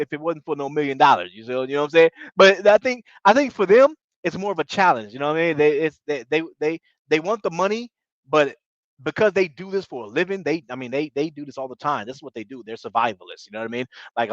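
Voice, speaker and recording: A man recapping a reality show in casual commentary, talking excitably in slang and tripping over his words. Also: a little high, no room sound, dull audio. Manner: excitable, slangy, repeats bro, stumbles.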